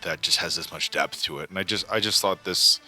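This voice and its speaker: Hosting a movie reaction over faint music, this man in his forties talks briskly in a low-pitched, pushed and bright voice. The chat is casual and sincere, broken up by fillers and restarts.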